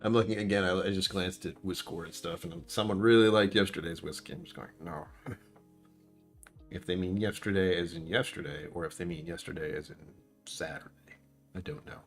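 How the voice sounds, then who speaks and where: A man's voice: sits low, fairly quick, faint music behind. A man casually chatting on a live stream while reviewing a whiskey, rambling and reacting to his chat.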